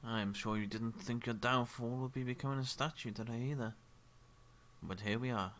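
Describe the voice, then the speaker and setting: A man's voice: mid-range voice, fairly even intonation, moderate pace, fairly bright tone, lightly acted. A man voicing a sinister old hermit sorcerer who speaks in a smug, menacing way. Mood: gloating.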